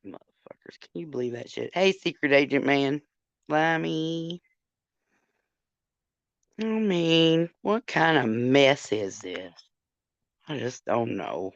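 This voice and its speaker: A woman's voice: sits low, expressive, slow pace, pauses often, no room sound. Older woman, livestream storyteller, cursing, chatty, dry muffled sound. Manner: profane, chatty, addresses viewers directly. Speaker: livestream host. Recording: dull lo-fi sound.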